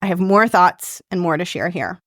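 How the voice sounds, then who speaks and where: A woman's voice: fairly low pitch, normal speed, a bit bright, no room sound. Earnest woman podcast host, dry sound. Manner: earnest, reassuring, acts out quoted self-talk. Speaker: podcast host and career coach. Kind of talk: solo podcast advice monologue.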